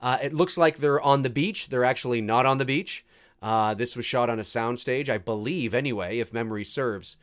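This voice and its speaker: A man's voice: mid-range voice, moderate pace, clean tone. A man hosting a live movie commentary stream, chatting casually and reading viewer comments aloud. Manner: casual, chatty, restarts and fillers, reads chat aloud.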